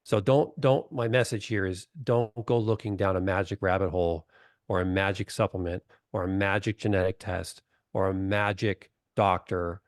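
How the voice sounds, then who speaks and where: A man's voice: deep voice, steady tone, normal speed, no room sound, clean studio sound. A middle-aged man talking bluntly in a casual webinar chat on a video call, telling stories and acting out what people said. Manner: blunt, storytelling, acts out quotes. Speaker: doctor, webinar guest.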